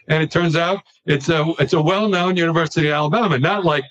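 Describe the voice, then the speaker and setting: A man from New York talking in a casual podcast conversation, animated and quick to repeat himself when excited. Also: fairly high pitch, poor audio.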